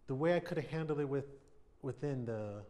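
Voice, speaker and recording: A man's voice: medium pitch, fairly quick, mellow. Candid, reflective American man in his fifties. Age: 50s. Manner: candid, reflective, acts out quoted voices. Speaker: interview guest, retired baseball player. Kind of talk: sit-down TV interview.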